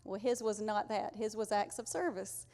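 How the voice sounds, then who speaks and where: A woman's voice: medium pitch, steady tone, normal speed, warm tone. A woman preaching a conversational, earnest sermon to her congregation. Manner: conversational, earnest, uses y'all.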